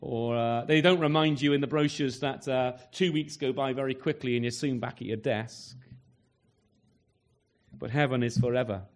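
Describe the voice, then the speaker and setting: Preaching a sermon with earnest conviction, a man poses rhetorical questions and lets his pitch and loudness swing widely. His tone is steady and his pace moderate.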